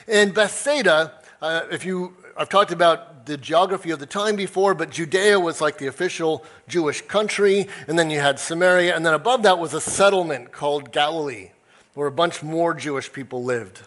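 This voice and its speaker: A man's voice: a little high, moderate pace, fairly bright tone. A male pastor preaching a conversational sermon, acting out quoted voices as he tells the story. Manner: self-described nerd, conversational.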